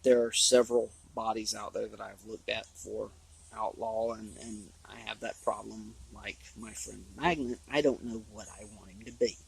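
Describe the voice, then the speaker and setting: Man, hoarse, low voice, gravelly, husky, rambling casual outdoor chat. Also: fairly even intonation, moderate pace, poor audio. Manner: rambling, drawling, with restarts. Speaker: RC hobby vlogger. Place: outdoors on a trail.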